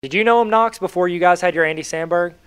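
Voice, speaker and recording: A man's voice: sits high, quick pace, fairly bright tone, clean tone. A man joining a casual comedy podcast, teasing and bantering playfully. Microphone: headphones. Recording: noisy line with clicks.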